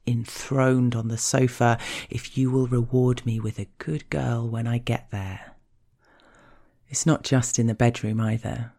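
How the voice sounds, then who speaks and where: Slow, flat-voiced woman narrating. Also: rumbling low. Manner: slow, measured, intimate first-person storytelling. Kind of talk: scripted erotic narration.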